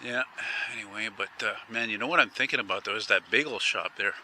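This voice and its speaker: A man's voice: on the low side, fast, bright, forceful tone, low-quality recording. A man hosting a casual walking vlog, talking in a rambling, chatty, enthusiastic way as he strolls outdoors. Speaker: vlogger host. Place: outdoors on a busy city street, walking. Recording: traffic noise outdoors.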